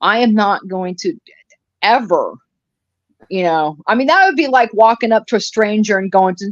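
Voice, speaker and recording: A talkative woman in casual chat, wandering from one story to the next and dropping curses along the way. Her voice sits at an ordinary pitch. The audio is dry and a little dull, like a modest home stream setup. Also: animated, moderate pace, dry recording. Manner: rambling, chatty storyteller who swears freely. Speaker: live commentary co-host.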